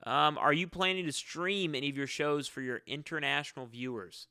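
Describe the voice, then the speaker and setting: A musician answering fan questions in a casual live-stream Q&A, rambling and halting as he often restarts his sentences. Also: a little high, pushed and bright, clear, resonant tone, no room sound, clean studio sound.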